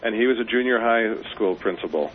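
Calling a radio show from Colorado, this man has a voice on the low side and a fairly quick pace. His phone-in talk is earnest and persuasive, sprinkled with some fillers. The telephone audio sounds tinny, with a faint hiss.

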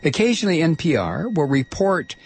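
A middle-aged man holds forth on talk radio in a husky voice. He gets heated, repeats words as he pushes his point, and rants straight at his listeners. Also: a little high, sing-song, a little fast. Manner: heated, ranting, stammering restarts. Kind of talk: political talk radio monologue.

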